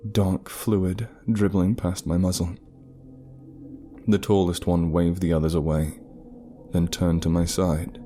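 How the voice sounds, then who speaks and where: A man reading a scripted horror story in a grave, steady manner. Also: sits low.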